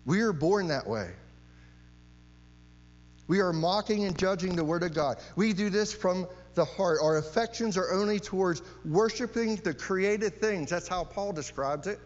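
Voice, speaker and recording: A man preaching a sermon in a fairly high voice, pressing his points by repeating key phrases and tossing out rhetorical questions. His voice carries a long hall reverb, with a dull, muffled sound and a faint electrical hum underneath. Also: a little slow.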